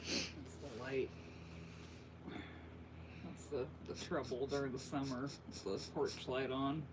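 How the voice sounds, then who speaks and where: A male podcast co-host making quiet, dry asides in casual chat. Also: medium pitch, fairly even intonation, slow pace. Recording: distant mic with hiss.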